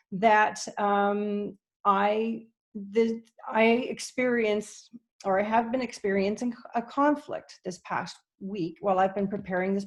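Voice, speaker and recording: A woman from Canada giving an online conference presentation, earnest and hesitant, often pausing with ums and restarting her sentences. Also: medium pitch, darkish tone. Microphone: video call.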